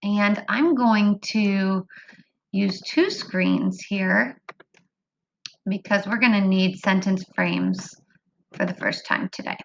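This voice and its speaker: A woman teaching a phonics lesson to young children, slow and sing-song, drawing words out. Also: mid-range voice, vocal fry, lo-fi sound, slight background noise. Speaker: kindergarten teacher.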